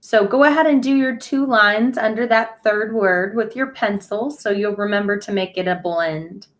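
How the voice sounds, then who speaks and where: A woman's voice: mid-range voice, moderate pace. A woman teaching a phonics lesson to young children, speaking patiently and over-enunciating sounds.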